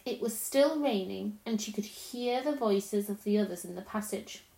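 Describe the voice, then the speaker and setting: A woman narrating a storybook in a calm, measured reading voice. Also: mid-range voice, vocal fry. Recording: roomy echo.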